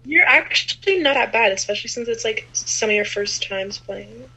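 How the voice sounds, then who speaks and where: Young female co-host, relaxed and easygoing, fairly high voice, sharp and a little breathy. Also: normal speed, low-quality recording. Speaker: podcast co-host. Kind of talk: casual chat.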